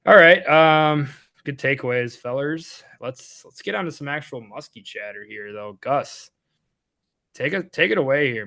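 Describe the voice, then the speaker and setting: A man's voice: medium pitch, gravelly, fairly bright tone. A man with a Wisconsin accent hosting a casual fishing podcast, laid-back as he steers the talk to his co-hosts. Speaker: podcast host.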